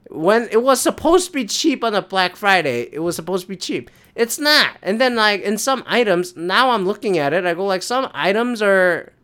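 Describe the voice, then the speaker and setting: A man's voice: fairly high pitch, a bit bright, clean tone. Exasperated, swearing man ranting casually. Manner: exasperated, profane, rambling with restarts. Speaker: podcast host.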